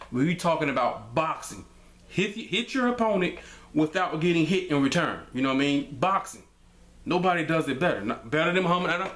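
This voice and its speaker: A man giving his opinions in a casual vlog, loose and conversational, with lots of filler phrases, rising higher and more emphatic when he makes a point. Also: fairly bright tone. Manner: loose and conversational, many "man" and "you know what I mean" fillers. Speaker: vlogger giving fight commentary.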